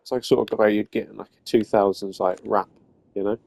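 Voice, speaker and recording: A man's voice: fairly low pitch, steady tone, a little fast, gravelly, darkish tone. Goofy rambling gamer man. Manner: goofy, rambling, swears freely, jokey put-on voices. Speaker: gaming video host. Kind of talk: casual gameplay commentary. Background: game music and sounds.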